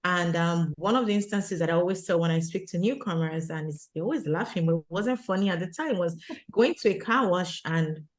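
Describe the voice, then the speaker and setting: Woman guest, earnest storyteller, lowish voice, peppers talk with "you know". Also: brisk. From abroad, immigrant to Canada. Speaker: guest, retreat organizer for women. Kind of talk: conversational interview storytelling.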